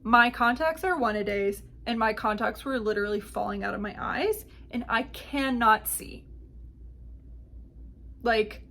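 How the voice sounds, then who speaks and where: A woman's voice: fairly high pitch, bright, forceful tone. A woman hosting a podcast, telling a travel story in casual chat and acting out the exchanges she quotes. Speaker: podcast host.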